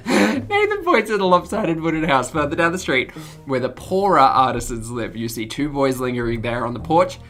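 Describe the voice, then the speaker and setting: A bright-voiced woman streams a game, reading its text aloud and breaking off for jokes and giggles. She trips over hard words now and then. Faint music plays behind her. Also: low-pitched, sing-song, moderate pace.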